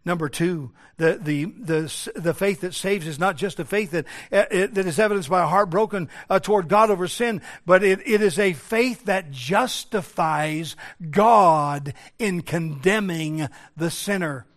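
A man with a high-pitched voice delivers a sermon. He swings between loud, emphatic declarations and quiet, pleading asides, and recites scripture in old-fashioned wording. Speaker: preacher.

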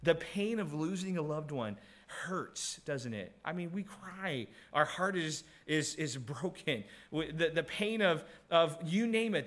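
Pastor, male, somewhat high-pitched, earnest sermon delivery, repeats key lines. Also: expressive, unhurried, a bit bright. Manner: earnest, repeats key phrases, reads scripture aloud; frequent laughs and restarts.

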